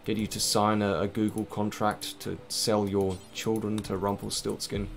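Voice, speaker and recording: A man's voice: fairly low pitch, monotone, normal speed, vocal fry, faint music behind. A man giving casual, rambling, self-mocking commentary while playing a game, swearing now and then. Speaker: gaming let's-play host.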